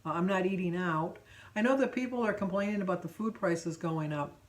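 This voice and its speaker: A woman's voice: lowish voice, a little fast, distant mic. A middle-aged woman vlogging in a rambling, chatty way, full of ums and self-corrections. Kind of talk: casual vlog chat.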